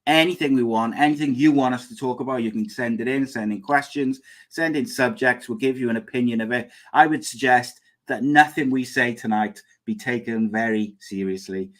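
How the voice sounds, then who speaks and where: A man's voice: mid-range voice, normal speed, few pauses. A young man hosting a comedic podcast in a rambling, chatty, plain-spoken way. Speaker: podcast host. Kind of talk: casual comedic chat.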